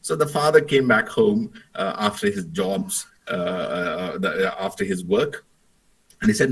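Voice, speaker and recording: A man's voice: sits low, lively intonation, measured pace, slightly rough, recorded from a distance, poor audio. A man giving a lecture and telling an anecdote, hesitant, with many fillers and restarts. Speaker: guest lecturer, Jesuit priest.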